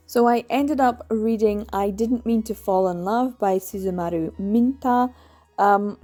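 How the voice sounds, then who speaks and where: Scottish woman, book vlogger, warm mellow tone, enthusiastic casual chat. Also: medium pitch. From Scotland. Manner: chatty and enthusiastic, laughs often.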